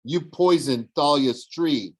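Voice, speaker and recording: A man's voice: a little high, slow pace, a little mellow, pitched above the performer's own voice. A man voicing a defiant teenage boy standing up to an enemy.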